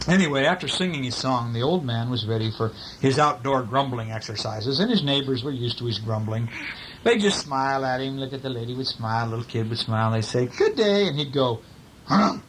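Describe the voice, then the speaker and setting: A man's voice: mid-range voice, fairly quick, fairly bright tone, slight background noise, poor audio. A man reading a picture book aloud at home, chatting playfully with a small child between the pages. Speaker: family member reading to a child.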